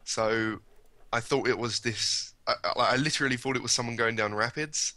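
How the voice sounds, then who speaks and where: A young man with a bright, sharp-edged voice chats eagerly as a podcast co-host. He laughs often and talks in a loose, lively way. The sound is dry and close. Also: medium pitch, moderate pace, no echo. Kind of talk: casual chat.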